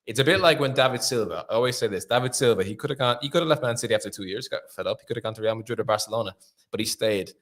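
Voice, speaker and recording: A man's voice: medium pitch, racing, a bit bright. A man talking as a football fan pundit in a heated post-match chat, confident and emphatic.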